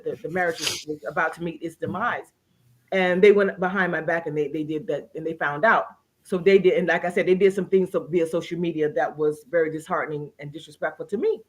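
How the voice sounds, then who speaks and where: A woman guest in an interview, telling a personal story earnestly and with feeling, often restarting her sentences. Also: mid-range voice. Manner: earnest, emotional testimony with many restarts. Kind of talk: casual interview conversation.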